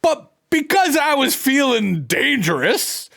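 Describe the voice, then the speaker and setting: Animated Canadian man hosting a podcast. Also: very high voice, takes it slowly. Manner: animated and hammy, with stammered restarts. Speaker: podcast host. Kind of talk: conversational podcast interview.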